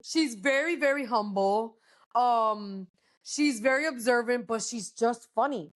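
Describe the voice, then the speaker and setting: A podcast co-host with a fairly high-pitched voice talks at a measured pace, chatting and gossiping casually. She curses heavily and sprinkles Spanish words through her English.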